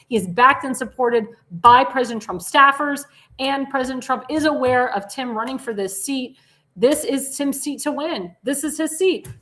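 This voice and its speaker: A woman's voice: fairly high pitch, fairly bright tone, poor audio. Woman host, pushy campaign plugs. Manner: enthusiastic, promotional, repeats calls to donate; corrects herself mid-sentence. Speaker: political talk show host. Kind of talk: live political talk show.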